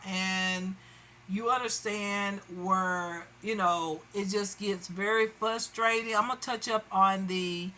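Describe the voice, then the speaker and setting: A woman's voice: mid-range voice, sharp tone. A woman doing her makeup on camera while venting in casual, rambling chat full of fillers. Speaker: beauty vlogger.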